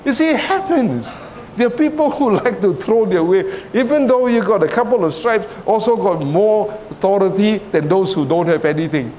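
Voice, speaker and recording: A man's voice: high voice, expressive, normal speed, hardly any pauses, dark tone, slight background noise. A middle-aged man from Singapore with a Singaporean English accent, preaching a sermon in a conversational way, often checking with the congregation and laughing between points.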